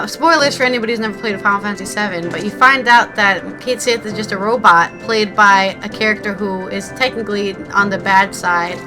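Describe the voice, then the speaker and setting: A woman streamer commenting excitedly on a story game as she plays it. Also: medium pitch, poor audio. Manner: excitable, reacting with gasps and laughs. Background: game music.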